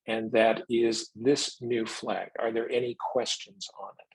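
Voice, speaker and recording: A man giving a technical presentation, explaining new software features in a measured way and taking questions. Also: mid-range voice, little pitch movement, slightly rough, low-quality recording.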